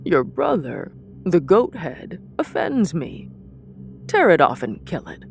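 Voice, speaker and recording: A woman voicing a cold, commanding male sorcerer who gives calm, menacing orders. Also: sits low, takes it slowly, creaky, soft background music, full character voice.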